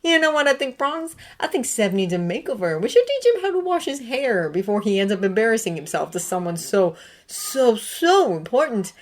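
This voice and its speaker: A woman's voice: a little high, very animated, normal speed, pitched above the performer's own voice. A woman voicing a swaggering teenage wizard who jeers and scorns another boy, in a read-aloud fan story. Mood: scornful. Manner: jeering, scornful.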